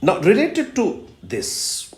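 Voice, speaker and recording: Male lecturer, slow and lively in pitch, echoey room. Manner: slow, emphatic teaching with repetitions and fillers. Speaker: English literature lecturer. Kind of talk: recorded video lecture.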